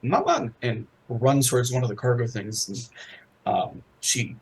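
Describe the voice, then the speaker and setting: A man running a tabletop game as game master, talking hesitantly with many pauses. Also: medium pitch, steady tone, poor audio. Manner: hesitant, full of ums and restarts.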